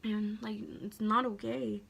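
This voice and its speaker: With a gravelly, breathy, medium-pitched voice and a measured pace, a vlogger in her late teens delivers a casual story time. The animated, emotional retelling is chatty and loaded with "like."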